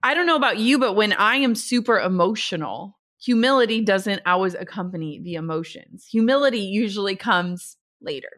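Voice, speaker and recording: A woman in her thirties hosts a podcast, chatting casually and earnestly and reading sponsor ads. Her mid-range voice moves a little fast with few pauses, and she tells stories in an animated way.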